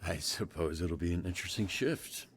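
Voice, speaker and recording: A man's voice: low-pitched, animated, normal speed, faint music behind. An actor playing an exasperated male team manager in a video game, with a dry, weary way of talking.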